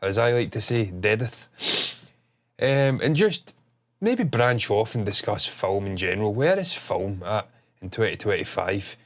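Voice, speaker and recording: A man's voice: fairly low pitch, animated, moderate pace. Brief: male host, blocked nose, loose rambling delivery, casual swearing. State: stuffed-up nose. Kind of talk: casual chat stream.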